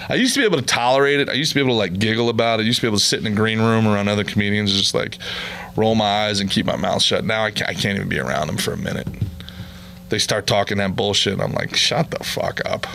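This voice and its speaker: A man's voice: fairly low pitch, racing, creaky, fairly bright tone, a little hiss or hum. A man, a podcast host and comedian, ranting bluntly and profanely in a comedic monologue.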